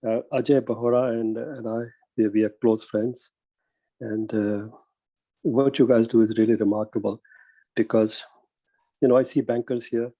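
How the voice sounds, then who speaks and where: Mellow-voiced man with a New York accent. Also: mid-range voice, fairly even intonation, normal speed, dry recording, rough recording. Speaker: guest banker. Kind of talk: casual remarks on a video call. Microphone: video call.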